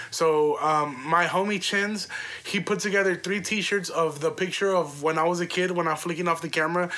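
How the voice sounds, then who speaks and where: Bright-voiced young man telling stories. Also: fairly high pitch. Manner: loose, profane, laughs through the story. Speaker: podcast host. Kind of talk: casual storytelling monologue.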